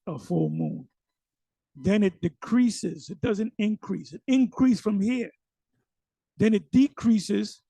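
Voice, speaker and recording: A man talks through a video in loose, emphatic commentary, repeating words and leaning on slang. His voice sits high yet sounds dark and husky, with a gravelly edge. The recording is dry, with no room sound. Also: no echo. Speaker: commentator reacting to a sermon video.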